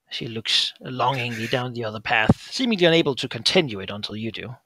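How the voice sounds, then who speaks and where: A man narrating as game master of a tabletop game, describing the action in a quiet, low-key way. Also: brisk, few pauses, no room sound, low-quality recording.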